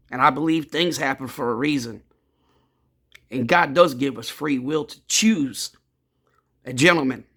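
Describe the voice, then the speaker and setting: A man telling his own story in a casual, rambling and blunt way, cursing freely and addressing his listeners as gentlemen. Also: on the high side, gravelly.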